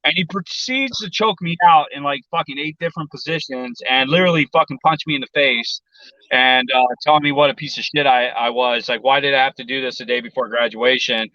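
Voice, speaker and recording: A man's voice: mid-range voice, fairly quick, bright, forceful tone, dry recording, lo-fi sound. A man from South Texas telling a story in casual chat, blunt and profane, and he acts out the voices of other people. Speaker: podcast guest.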